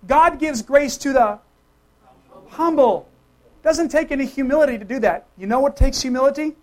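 A preacher delivering a sermon in an emphatic, conversational way. The voice swings from loud, forceful declarations to quiet, hushed asides, often turning to the congregation with quick questions. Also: high-pitched.

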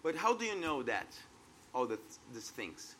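A man's voice: fairly high pitch, big pitch swings, moderate pace, a bit bright, slight background noise. A man in his thirties from Brazil with a Brazilian Portuguese accent, preaching an earnest, conversational sermon and laughing at himself now and then. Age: 30s.

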